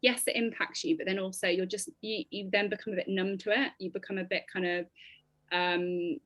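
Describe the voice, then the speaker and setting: A woman in her thirties, a podcast guest telling her personal story in an animated, expressive way with lots of ums. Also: mid-range voice, a little fast, no echo.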